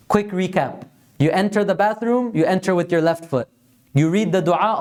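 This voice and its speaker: A man gives a religious lesson in a mosque, telling a story in an earnest, steady voice. He works Arabic words and phrases into his talk as he explains. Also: sits high, normal speed. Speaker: religious teacher.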